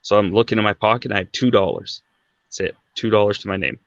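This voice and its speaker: A man's voice: lowish voice, quick pace, no room sound, lo-fi sound. A man in his thirties from Canada, guest on a podcast, telling a personal story in a casual, chatty way, often tagging sentences with "right?". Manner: conversational, fillers like "right?" and "like".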